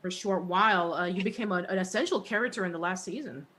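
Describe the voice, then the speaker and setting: A woman's voice: mid-range voice, quick pace, fairly bright tone. A woman hosting a reunion panel on a video call, friendly and a bit hesitant, who often laughs. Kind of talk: casual moderating on a group video call.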